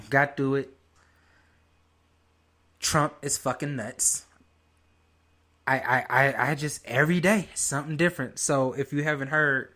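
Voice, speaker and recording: A young adult man hosting his own podcast, ranting in a heated, profane, casual way. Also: medium pitch. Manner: heated, profane, lively rant. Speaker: podcast host. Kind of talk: casual solo commentary.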